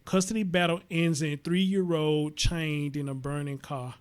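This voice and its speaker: A man's voice: on the high side, steady tone, moderate pace, hardly any pauses, clean tone. A Southern-accented man hosting a casual livestream, reading an article aloud and talking bluntly and profanely to his chat. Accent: Southern American. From American South. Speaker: host.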